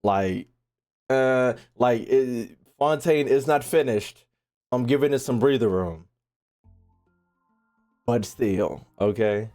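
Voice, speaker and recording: A man's voice: medium pitch, takes it slowly, pauses often, darkish tone, faint music behind. A young man, a gaming YouTuber, ranting casually and animatedly, swearing and repeating himself as he ranks game regions.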